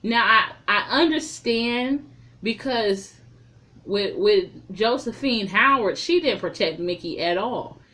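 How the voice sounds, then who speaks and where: A woman's voice: on the high side, takes it slowly. Blunt, profane woman recapping a film. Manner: profane, blunt, animated storytelling. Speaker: reviewer. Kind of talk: casual recap and commentary.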